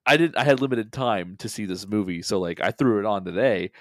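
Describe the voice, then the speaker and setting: A man co-hosting a movie podcast, telling stories in an animated way and laughing often. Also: lowish voice, brisk, no echo, studio quality. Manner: animated storyteller, laughs a lot. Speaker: podcast co-host. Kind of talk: casual movie podcast chat.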